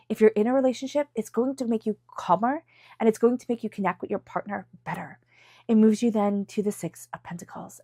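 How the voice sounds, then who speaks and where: A congested woman giving a casual, chatty tarot reading to camera, emphatic at times and dropping into soft whispers. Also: medium pitch, dry recording, studio quality. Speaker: tarot reader.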